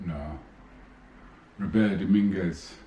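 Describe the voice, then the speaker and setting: A man's voice: deep voice, slow pace, a little hiss or hum. A middle-aged man, a former boxer casually telling fight stories and acting out old conversations. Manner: animated storyteller, re-enacting exchanges. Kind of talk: casual storytelling. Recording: echoey room with faint ambience.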